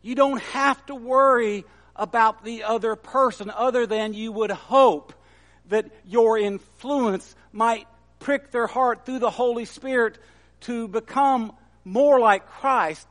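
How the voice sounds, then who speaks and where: Male preacher, very high voice, slow delivery, earnest sermon style. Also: a bit bright.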